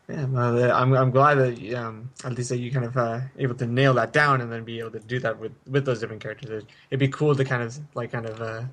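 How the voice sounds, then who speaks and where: A young man hosts a casual interview and stumbles through his questions with plenty of "like" and "um". His voice sits at an ordinary middle pitch. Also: steady tone, fairly bright tone. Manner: halting, filler-heavy questions. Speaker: radio interviewer.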